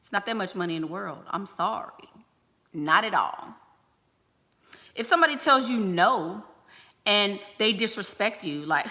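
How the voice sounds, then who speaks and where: A woman's voice: mid-range voice, lively intonation, measured pace, long pauses, bright, forceful tone, long reverb tail. A woman giving life-coaching advice on a livestream, blunt and emphatic, firing rhetorical questions.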